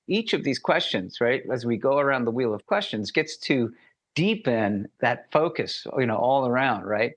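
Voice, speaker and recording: A man hosting a conversation who tells stories animatedly and acts out dialogue. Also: normal speed. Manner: animated, acts out dialogue with lively pitch jumps. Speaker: interviewer and mentoring teacher. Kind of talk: casual interview storytelling.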